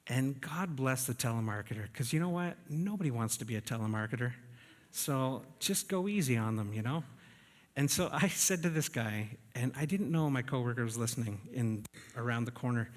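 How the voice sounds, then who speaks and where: A man's voice: medium pitch, lively intonation, fairly quick. Conversational male pastor in a reverberant church. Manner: conversational, with frequent check-ins to the congregation. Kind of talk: sermon. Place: church sanctuary.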